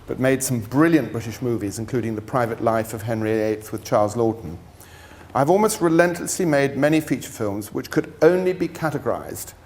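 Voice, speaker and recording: A man's voice: medium pitch, a little mellow, slight background noise. An older man giving a university lecture as a film producer, telling stories with many fillers and restarts. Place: lecture hall.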